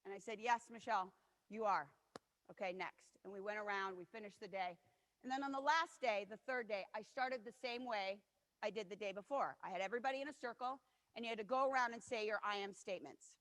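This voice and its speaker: Speaking fairly quickly in a mid-range, somewhat bright voice, a woman in her forties delivers a motivational storytelling keynote. She's personal and earnest, acts out quotes from others, and the recording carries long hall reverb.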